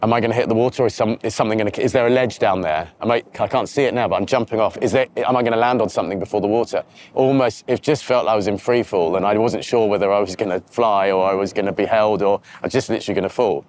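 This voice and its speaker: A man's voice: fairly low pitch, rapid-fire, few pauses, a little mellow, slight background noise. A man, a TV presenter being interviewed outdoors by a river, talking candidly and reflectively with frequent restarts.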